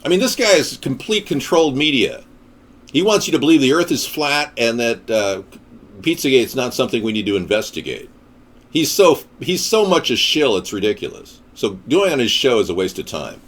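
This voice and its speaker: A man's voice: mid-range voice, sing-song, moderate pace, husky. Ranting, combative man. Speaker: political commentator. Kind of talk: ranting political monologue.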